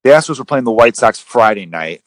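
A man hosting a casual sports podcast, rambling and animated, with some swearing. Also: mid-range voice, brisk, no room sound. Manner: rambling, profane, animated retellings. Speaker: podcast host.

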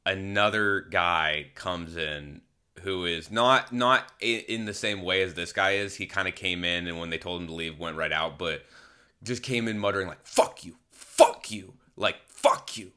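Low-voiced man rambling on a podcast. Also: normal speed, pushed and bright, clean tone. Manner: rambling, self-correcting, candid. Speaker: podcast host. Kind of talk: casual storytelling monologue. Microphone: phone camera.

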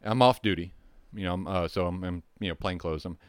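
A man with a deep, smooth voice recounts a call from his firefighting days in a loose, rambling way. He swears freely and circles back with asides and restarts. The recording is close and dry, with no room sound. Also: fairly even intonation, fairly quick, dry recording. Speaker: firefighter telling a call story. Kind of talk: casual storytelling.

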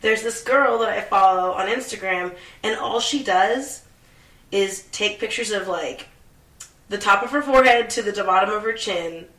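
Young woman swearing her way through a rant, bright tone, echoey room. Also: medium pitch, normal speed, far from the mic. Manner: profane, ranting, sarcastic. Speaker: podcast co-host. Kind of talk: casual chat.

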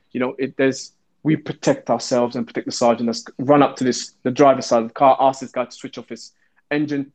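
A man, a former police officer, telling a story in an interview and acting out the voices he quotes. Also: mid-range voice. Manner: animated, acts out the quoted voices.

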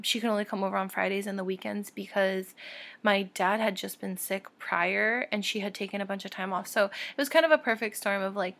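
A young adult woman hosting her own podcast, talking candidly and warmly to listeners with soft laughs and fillers. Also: mid-range voice, creaky. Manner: heartfelt and encouraging toward listeners. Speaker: podcast host. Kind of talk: casual solo podcast talk.

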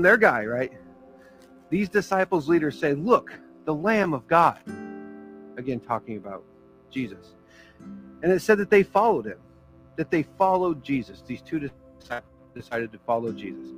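A man's voice: on the high side, a bit bright, rough recording. A man preaching a sermon as pastor, in a casual, conversational way with fillers and small jokes.

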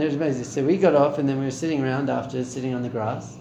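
A man's voice: medium pitch, a little fast, creaky, mellow, echoey room, a little hiss or hum. A middle-aged man giving a spiritual talk on meditation, conversational and questioning his listeners. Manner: conversational, asks the audience questions. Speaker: spiritual teacher. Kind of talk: Torah class on meditation. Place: room with a live audience.

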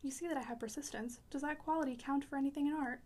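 A persistent young married woman, voiced by a woman reader. She pleads and insists in a high, brisk voice, asking again and again in a storybook scene. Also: steady tone, dark tone, natural voice.

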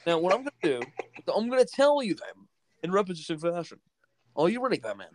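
A man's voice: sits high, sing-song, fast talker, slight background noise. A man doing a put-on British accent, playing a jokey talk-host as a campy comic-book villain. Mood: gloating. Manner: exaggerated, campy, mock-theatrical. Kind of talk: comedic impression.

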